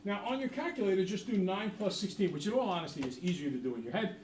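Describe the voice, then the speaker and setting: A man's voice: sits high, expressive, fast, a little mellow. A middle-aged man teaching a math class, chatty and jokey, quizzing the students. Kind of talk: classroom lesson. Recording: roomy, from far off.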